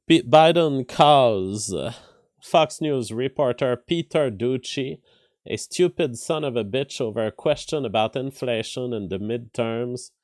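A man's voice: mid-range voice, a little slow, a little mellow, dry recording, studio quality. A man hosting a live stream of casual news commentary. He thinks aloud with restarts and filler words, and reads headlines before commenting on them.

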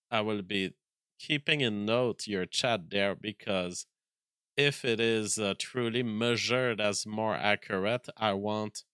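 Reading out viewer messages in a casual live-stream chat, a French-accented man speaks in a lowish, crisp and forceful voice. He keeps pausing and starting over as he thinks, and the close, dry audio carries no room sound.

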